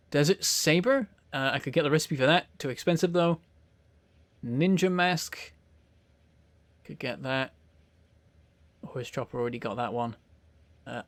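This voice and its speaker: A man's voice: on the high side, dry recording. A man hosting a let's play, giving rambling, self-mocking gameplay commentary and chuckling often.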